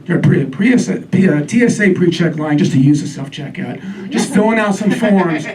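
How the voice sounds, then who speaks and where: High-pitched guy doing standup, wry deadpan asides, far mic, crowd laughing. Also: moderate pace. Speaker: stand-up comedian. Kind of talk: stand-up comedy set. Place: comedy club stage.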